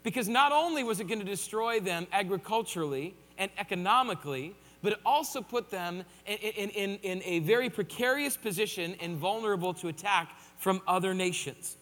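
A man's voice: sits high, expressive, a little fast, hardly any pauses, a bit bright, big-room sound. A man preaching a sermon in a conversational way, with joking asides. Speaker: pastor.

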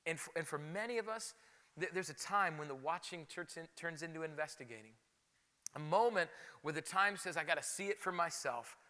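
A man preaching a sermon as pastor, animated and conversational, often repeating words for emphasis. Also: on the high side, a little fast, in a large hall.

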